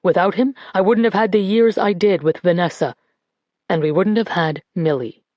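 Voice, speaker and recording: A woman voicing a grieving man who gives a slow, measured eulogy at a church funeral. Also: mid-range voice, a little mellow, no room sound, muffled recording, close to an everyday voice. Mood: solemn, reflective. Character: grieving grandson giving a church eulogy, male adult.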